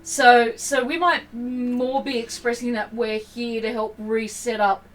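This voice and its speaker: A woman's voice: a little high, steady tone, a little slow, rough recording. A woman player in a tabletop game who thinks aloud cautiously. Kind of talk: casual chat at a tabletop game. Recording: background noise, voice set back from the mic.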